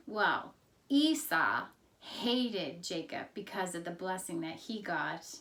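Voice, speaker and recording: A woman Sunday school teacher narrating a Bible story in an expressive, storytelling way. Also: fairly low pitch, takes it slowly, recorded from a distance.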